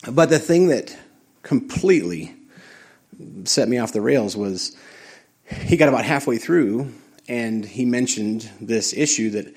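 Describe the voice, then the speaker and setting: A middle-aged man tells a personal story in a casual, animated way. His voice sits at a middle pitch with a husky edge. He speeds up and acts out his own reactions as he goes. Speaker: guest telling a personal story.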